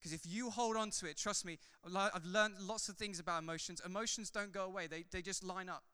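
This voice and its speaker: Impassioned pastor preaching, bright voice. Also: male voice, high voice, brisk, smooth. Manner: impassioned preaching, swings from loud fervor to soft asides. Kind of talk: sermon. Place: church hall. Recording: long hall reverb.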